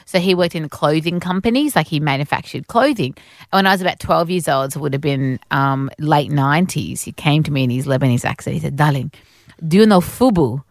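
An Australian woman in her thirties co-hosting breakfast radio, chatty and quick to laugh, in a studio. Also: low voice, dry recording. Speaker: radio co-host. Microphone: studio microphone.

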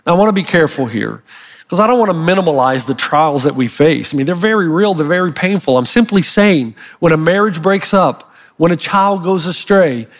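A male pastor delivering a sermon in an animated, emphatic storytelling manner. His voice sits high for a man. The recording carries a long, ringing hall reverb. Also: brisk.

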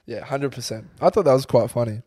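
A man's voice: medium pitch, brisk, mellow. A young Australian man co-hosting a podcast, laid-back and sweary, laughing easily in casual chat. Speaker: podcast co-host. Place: studio under lights.

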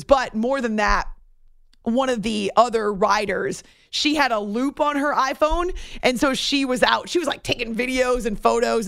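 A woman radio host telling a story in a chatty, animated way, laughing easily. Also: on the high side, creaky, no echo, clean studio sound. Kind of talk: casual storytelling on a radio show.

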